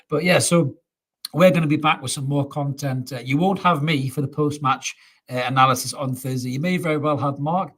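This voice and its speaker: A man's voice: medium pitch, a bit bright. A man hosting a casual football fan show, chatty, laughing often and calling people mate. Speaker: fan podcast host.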